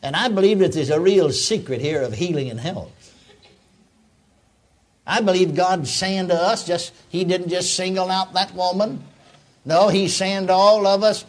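An older preacher with a husky voice and a slightly raised pitch. His sermon swings widely in tone, acting out quotes and dropping low when it turns tender. He chuckles often through the story. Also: moderate pace. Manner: animated, acts out quotes, drops to soft tones, chuckles often.

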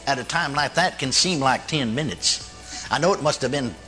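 A man preaching a recorded radio sermon, dramatic and emphatic, his pitch jumping up on questions and repeated phrases. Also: moderate pace, pushed and bright, soft background music.

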